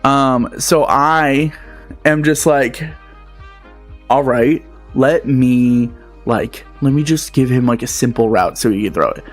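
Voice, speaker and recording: A man in his twenties telling a story as a rant, animated and profane, with lots of filler words. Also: medium pitch, measured pace, faint music behind. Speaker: vlogger.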